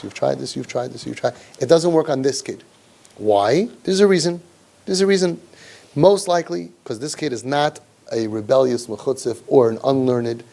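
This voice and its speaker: Middle-aged male parenting coach, fairly high voice, sarcastic and animated, for a workshop lecture. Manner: sarcastic, animated, rhetorical questions.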